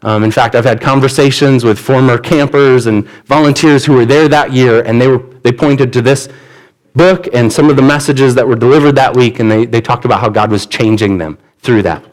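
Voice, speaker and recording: A man's voice: mid-range voice, fairly quick, low-quality recording. A man, a pastor, preaching a sermon and retelling a Bible story in an easy conversational way, voicing the characters' lines.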